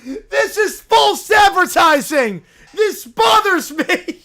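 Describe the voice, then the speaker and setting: Guy doing a screechy bright pizza-cult preacher, ranting and wailing nonstop. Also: very high voice, expressive, slow, gravelly, voice pushed up, exaggerated voice. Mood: ranting outrage. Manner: shrieking, indignant, ranting. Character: shrill, self-righteous male pizza-cult preacher.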